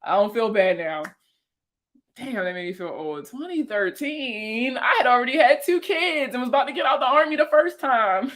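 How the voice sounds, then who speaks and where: A woman around thirty with a Baltimore accent, hosting a casual livestream chat with viewers, slangy and profane and quick to laugh. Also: fairly high pitch, animated, fairly bright tone. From Baltimore, USA. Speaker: host answering viewer comments.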